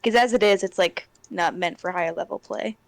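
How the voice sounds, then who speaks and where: A woman's voice: mid-range voice, brisk, gravelly, no echo. A woman chatting at a tabletop game table as a player, talkative and laughing often. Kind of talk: casual chat at a game table.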